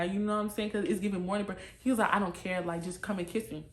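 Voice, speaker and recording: A woman telling a storytime to camera in a casual, animated, slangy way, talking straight to her viewers. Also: mid-range voice, fast. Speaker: storytime vlogger. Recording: echoey room.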